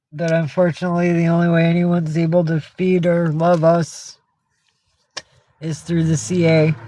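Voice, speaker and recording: A teary woman chatting casually with viewers on a livestream from home, cooing softly in baby talk to her cat. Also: deep voice, slight background noise.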